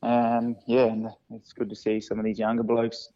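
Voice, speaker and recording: A man's voice: on the low side, monotone, moderate pace, mellow. Laid-back Australian man on a dull line. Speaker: guest, desert racer. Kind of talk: casual interview chat.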